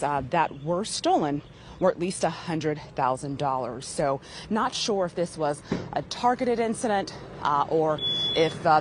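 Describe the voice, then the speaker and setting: A woman field reporter giving a live news report outdoors on a residential street, halting with many fillers. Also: deep voice, slight background noise.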